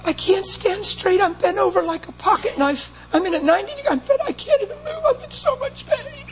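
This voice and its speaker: A man's voice: animated, brisk, slight background noise. A man imitating a distressed woman who is bent double with back pain and pleads tearfully for prayer. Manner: high, weepy and pleading.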